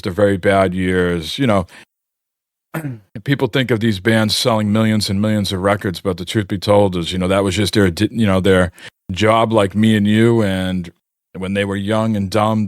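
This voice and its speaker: A man's voice: lowish voice, no room sound, clean studio sound. A man co-hosting a podcast, telling long rambling stories with lots of fillers. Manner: rambling storyteller, many fillers. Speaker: podcast co-host. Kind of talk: casual chat.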